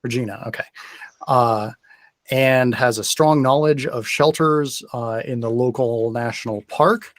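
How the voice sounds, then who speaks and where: A man's voice: mid-range voice, unhurried, no echo. A man running a tabletop game as game master, explaining the rules in a careful, methodical and hesitant way.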